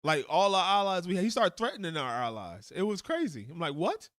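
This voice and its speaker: A man giving animated political commentary on a livestream, mocking politicians in put-on voices. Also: sits high, fairly quick, no echo, studio quality.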